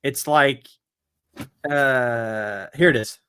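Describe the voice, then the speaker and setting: A man hosts a football podcast in loose, rambling chat. He swears freely, laughs often and leans on filler words. His voice is bright and edgy, recorded close and dry with no room sound. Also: mid-range voice, extremely slow, smooth, no echo. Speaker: podcast host.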